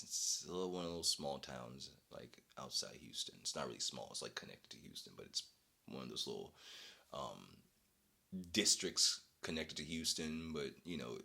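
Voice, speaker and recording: Deep, lively young man telling a rant. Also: gravelly. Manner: animated, exasperated, breaks into laughter. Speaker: vlogger. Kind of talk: casual storytelling rant.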